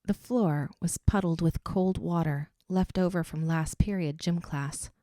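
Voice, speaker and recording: A woman reading an audiobook, narrating in a steady, even way. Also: fairly low pitch, a little slow, dry recording, clean studio sound. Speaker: audiobook reader.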